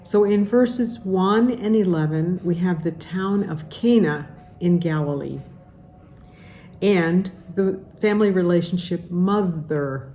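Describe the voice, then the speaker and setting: American lady teaching pronunciation, low mellow voice, careful slow delivery, faint hiss behind. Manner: deliberate, enunciating each sound.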